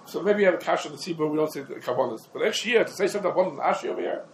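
A man teaching a Torah class, talking quickly and emphatically, his explanations dense with Hebrew and Aramaic legal terms. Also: on the high side, animated, gravelly, slight background noise, poor audio. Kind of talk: rapid halachic lecture.

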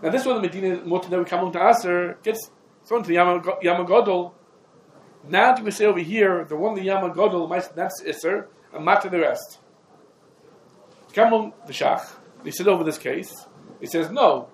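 A man teaching a lecture on religious law, in quick clipped phrases with repeated fillers like "come on" and "over here". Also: high voice. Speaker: Talmud teacher. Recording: echoey room with faint background noise.

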